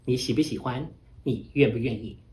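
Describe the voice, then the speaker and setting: A man's voice: medium pitch, fairly quick, over music. A male language teacher giving a patient, methodical lecture and stressing key words. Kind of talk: explanatory lecture. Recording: echoey room.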